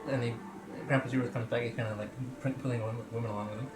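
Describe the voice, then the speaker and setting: A man's voice: medium pitch, little pitch movement. Rambling male game master, roomy sound. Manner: halting, repeats words while improvising. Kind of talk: narrating a tabletop game. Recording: roomy, music behind.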